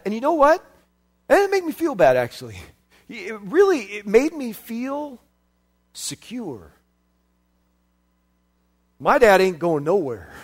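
A man from the United States preaching a sermon in a very high voice. He is animated, dropping to quiet asides and then rising to loud shouts.

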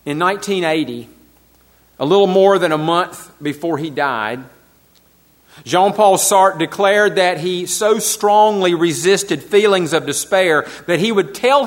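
A man's voice: a little high, animated, slow. A man preaching a sermon to his congregation, repeating key phrases for emphasis and asking his listeners questions. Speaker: pastor.

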